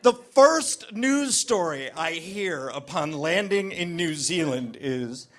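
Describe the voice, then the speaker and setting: A man with an American accent doing a stand-up set, deadpan punchlines broken by sudden loud outbursts. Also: high-pitched, takes it slowly. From United States. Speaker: stand-up comedian. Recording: played clip of a live stand-up set.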